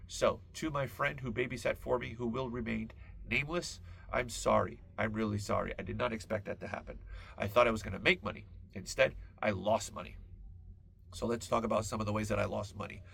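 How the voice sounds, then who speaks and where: Gravelly man on a rambling comic monologue. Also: on the low side, a little fast, a little hiss or hum. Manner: rambling, absurd tangents, deadpan asides. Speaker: podcast host. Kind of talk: comedic podcast monologue.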